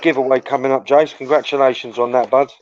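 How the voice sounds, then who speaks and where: A man's voice: mid-range voice, fast, highs cut off. A man hosting a livestream, telling a crude, rambling anecdote full of swearing. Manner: crude, swearing, storytelling, animated. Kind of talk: casual chat, rambling anecdote.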